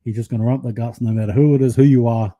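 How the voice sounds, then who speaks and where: A man's voice: medium pitch, rapid-fire, lo-fi sound. A man giving live, chatty play-by-play of a rugby league match to viewers from his own channel. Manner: excitable, chatty, casual play-by-play. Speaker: live reaction commentator.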